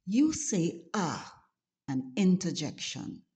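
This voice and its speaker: Brief: Trinidadian woman, dialect teacher, low and mellow, unhurried delivery. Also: expressive. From Trinidad and Tobago. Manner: slow, deliberate and instructive. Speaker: channel host teaching dialect. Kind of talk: scripted lesson narration.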